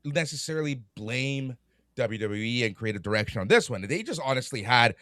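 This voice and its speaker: A man co-hosts a podcast in a teasing, emphatic way. His voice is bright and lively, rising and falling a lot. The sound is close and dry, with no room echo. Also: medium pitch, fairly quick. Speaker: podcast co-host. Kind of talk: casual chat.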